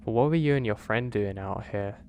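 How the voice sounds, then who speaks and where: A man's voice: fairly low pitch, fairly quick, a little mellow, a little hiss or hum, lightly acted. A man voicing an odd, pushy rural male gas station attendant in a horror story reading, asking blunt questions.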